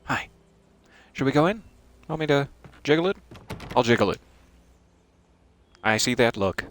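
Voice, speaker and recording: A man's voice: medium pitch, expressive, measured pace, fairly bright tone, slight background noise. A male streamer doing let's-play commentary with puns and dry, sarcastic asides.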